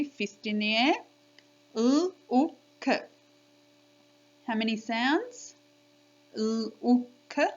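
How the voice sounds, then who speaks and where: A woman teaching a spelling lesson to young children on video, speaking slowly and clearly in an encouraging, sing-song teacher manner. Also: a little high. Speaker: primary school teacher. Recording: dull lo-fi home video audio.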